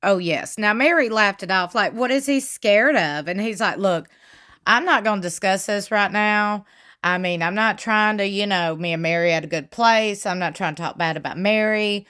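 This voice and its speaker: A woman giving chatty, gossipy commentary on a reality show, retelling what was said with lively emphasis. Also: medium pitch, moderate pace, clean tone. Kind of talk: casual commentary.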